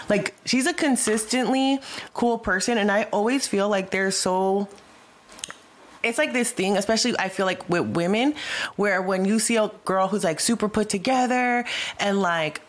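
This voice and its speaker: A young woman in casual chat, candid and emotional, slangy, laughing often. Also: medium pitch.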